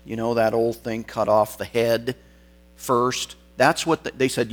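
A man's voice: mid-range voice, fairly even intonation, measured pace, a bit bright. A man preaching a sermon, retelling a story dramatically and acting out the quotes.

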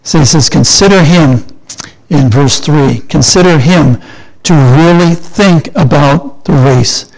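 A man's voice: on the high side, slow, vocal fry, a little mellow, poor audio. An older man preaching a sermon in a conversational way, often asking and answering his own questions.

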